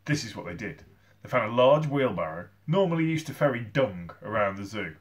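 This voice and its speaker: A male teacher reading a children's novel aloud to his class, with expressive storytelling. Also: on the low side, a little fast. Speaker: primary school teacher.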